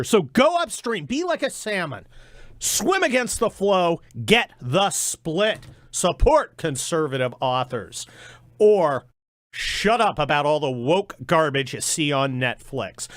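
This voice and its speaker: A man's voice: high voice, fairly bright tone, no room sound. A middle-aged man hosting a talk radio show, delivering a sarcastic, mocking monologue into a studio microphone. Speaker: radio host.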